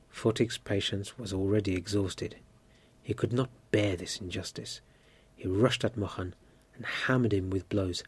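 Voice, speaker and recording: A man reading a story aloud at a measured pace, lifting his voice for the characters' shouts. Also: fairly low pitch, slightly rough. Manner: steady, measured reading with lively lifts for quoted cries. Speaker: narrator.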